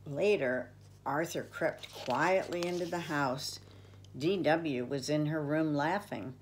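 An older woman reading a children's storybook aloud, gentle and expressive. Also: low-pitched, slow, a little hiss or hum.

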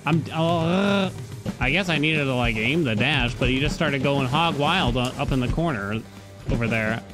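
Speaking at normal speed with medium pitch, a male streamer narrates his own game live as music plays. Between yelps and swearing at the game, he keeps up easy conversation with viewers.

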